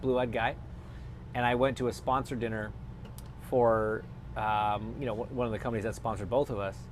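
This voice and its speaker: A man in his thirties, a former race driver turned analyst, telling stories in a lively, casual interview chat. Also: mid-range voice, normal speed, slight background noise. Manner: animated storyteller who acts out quotes.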